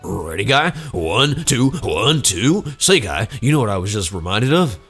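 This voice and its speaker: A vain, theatrical dancer from a video game who speaks grandly of himself, as a man puts him on. His voice is lowish but animated, rising and falling with flair. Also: measured pace, breathy edge, faint music behind, heavily acted. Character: flamboyant vain male dancer. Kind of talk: let's play voicing game dialogue.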